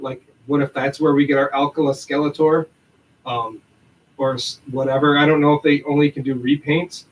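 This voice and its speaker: A man's voice: mid-range voice, recorded from a distance, a little hiss or hum, rough recording. A man co-hosting a podcast livestream, reading an upbeat announcement and then chatting and laughing loosely. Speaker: podcast co-host.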